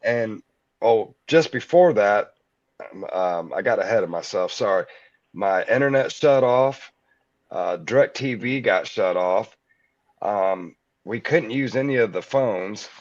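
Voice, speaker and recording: A man speaking as a guest, telling his own story in halting bursts full of restarts. His voice sits low. The sound is dull and muffled, like call audio. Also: animated, dry recording. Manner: halting, with many fillers and restarts.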